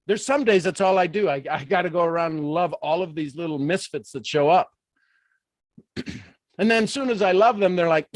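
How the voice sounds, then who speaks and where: Animated man giving a motivational talk. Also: a little high, moderate pace, dry recording, clean studio sound. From Ohio. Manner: animated, folksy, playful asides. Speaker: motivational speaker.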